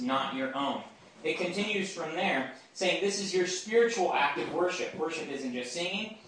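The speaker is a man with a slightly high, somewhat bright voice giving a conversational Bible talk to a campus group and frequently checking in with them. There's a bit of hiss or hum, and the far-off mic sits in a very echoey room.

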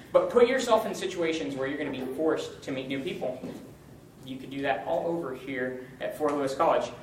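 A young man giving an informal, joking teaching talk to a college group, upbeat and animated. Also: on the high side, far from the mic. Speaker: campus ministry speaker. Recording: roomy, from the mic, faint hum.

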